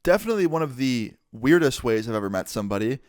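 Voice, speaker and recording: A young man telling a personal story to camera in a casual, profane, animated way. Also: medium pitch, fast, no room sound, studio quality. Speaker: vlogger. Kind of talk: storytime narration.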